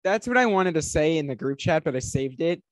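Male podcast guest, fairly high voice, earnest, no room echo. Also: expressive, brisk. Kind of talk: casual podcast chat.

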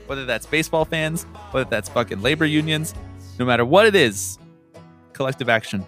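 A man's voice: mid-range voice, lively intonation, fairly quick, a bit bright, soft background music. A man co-hosting a casual sports podcast, talking loosely and swearing freely. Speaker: podcast co-host.

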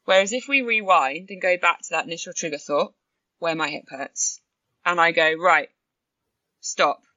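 A woman speaks as a podcast guest, animated and quick to act out her own inner voice. Her tone is bright and forceful. The recording is dry and somewhat dull. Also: fairly low pitch, dry recording. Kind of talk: conversational storytelling.

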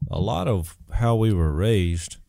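A middle-aged co-host telling stories in a casual chat with an animated delivery. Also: male voice, fairly low pitch, slow pace, gravelly, no room sound, clean studio sound. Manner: animated storyteller who laughs easily.

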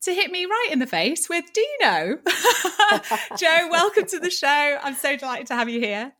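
A woman hosting an interview show, chatting with animated enthusiasm. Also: high-pitched, normal speed. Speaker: podcast host. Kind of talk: casual interview chat.

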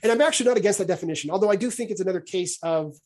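A man's voice: sits high, rapid-fire, a little mellow. A man hosting a podcast, explaining ideas in a casual discussion and often restarting and repeating words as he thinks aloud. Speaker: podcast host.

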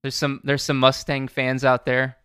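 Bright, crisp-voiced podcast co-host man. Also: medium pitch, monotone, moderate pace. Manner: rambling with stammered restarts. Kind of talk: casual chat.

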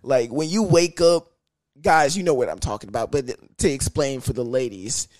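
A young man hosting a podcast, talking in a crude, animated, comedic monologue that keeps jumping into high sing-song bits. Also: normal speed, no room sound. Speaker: podcast host.

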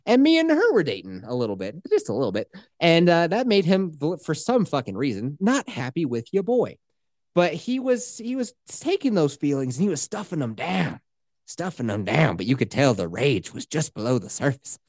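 Lively, swearing man telling a rambling story. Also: on the high side, moderate pace, no room sound, clean studio sound. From Colorado, USA. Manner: profane, rambling, laughs through his own story. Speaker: podcast host. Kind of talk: casual storytelling chat.

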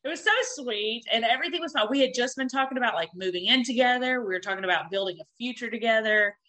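A woman in her thirties telling a personal story candidly, animated and swearing freely, acting out what people said. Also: fairly high pitch, fast, rough recording. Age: 30s.

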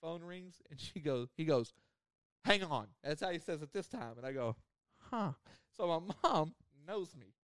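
A man's voice: a little high, lively intonation, normal speed, hardly any pauses, smooth, no echo, studio quality. A man, telling a rambling story on a podcast with lots of laughter. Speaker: podcast host. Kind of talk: casual storytelling.

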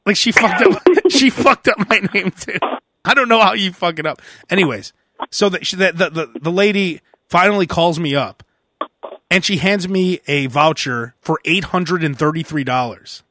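There's slight background noise as a man hosting a podcast tells a casual story at a moderate pace, his voice sitting high. Animated and laughing a lot, he imitates the voices of the characters he describes.

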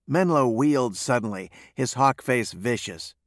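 A man reading a western novel aloud in a steady storytelling manner. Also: mid-range voice, unhurried, gravelly, dry recording, clean studio sound. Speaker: narrator.

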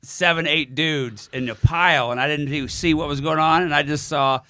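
Male comic, bright edgy tone, excited profane storytelling, dry close sound. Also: fairly high pitch, moderate pace, no echo. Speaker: comedian guest. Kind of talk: casual comedy podcast chat.

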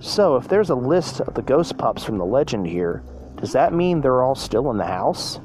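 A man's voice: medium pitch, big pitch swings, moderate pace, darkish tone, lightly acted. A man doing a nervous young girl pup. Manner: anxious questioning.

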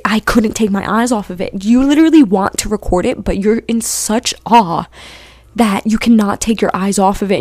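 A young woman tells a personal story on her podcast, circling back with "like" at every turn and getting louder when she acts out what she said. Her voice sits at a middle pitch, recorded dry and close with no room sound. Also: dry recording. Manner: rambling, heavy use of "like", animated when quoting herself. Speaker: podcast host. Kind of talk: casual storytelling.

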